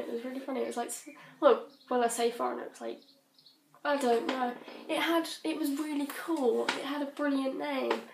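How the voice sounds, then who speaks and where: A woman's voice: sits high, gravelly, slight background noise. Giggly teen girl with a British accent. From Britain. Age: teens. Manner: giggly, scattered, chatty. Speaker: vlogger. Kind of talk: rambling casual chat. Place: her bedroom at home. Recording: roomy bedroom echo.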